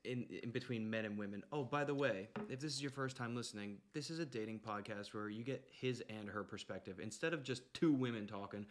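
A man's voice: fairly low pitch, a little fast, hardly any pauses, slight background noise. A man with a Canadian accent co-hosting a podcast, joking, teasing and swearing in casual chat. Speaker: podcast co-host.

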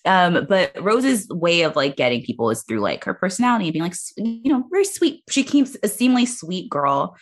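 Low-voiced woman analyzing casually. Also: very animated, normal speed. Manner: analytical, rambling, heavy use of "like". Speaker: podcast panelist. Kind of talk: casual chat.

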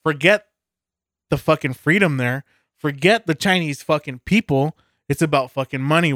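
Male podcast co-host, heated and foul-mouthed, slightly high pitch. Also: normal speed, a bit bright, no room sound, studio quality. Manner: profane, ranting, heated. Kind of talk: casual beer podcast chat.

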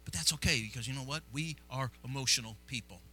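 A man from Illinois preaching a sermon as pastor, fervent and repetitive, swinging from hushed confession to loud exclamations in a church sanctuary. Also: medium pitch, fast talker, a little hiss or hum, low-quality recording.

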